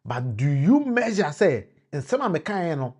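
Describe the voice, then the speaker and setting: A man's voice: a little high, very animated, unhurried, darkish tone. A man with a Ghanaian accent giving political commentary to a live-stream audience, switching between Twi and English, restarting phrases and calling out viewers by name.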